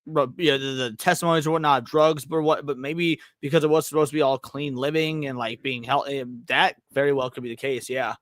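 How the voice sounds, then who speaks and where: A man's voice: on the high side, steady tone, brisk, few pauses, a bit bright, dry recording, studio quality. A man co-hosting a podcast in casual chat, blunt and swearing a lot. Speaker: podcast co-host.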